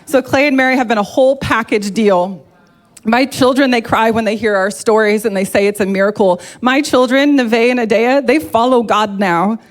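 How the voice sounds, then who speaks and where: A woman's voice: fairly high pitch, normal speed. A woman giving a heartfelt, emotional personal testimony to a church congregation, speaking openly and earnestly.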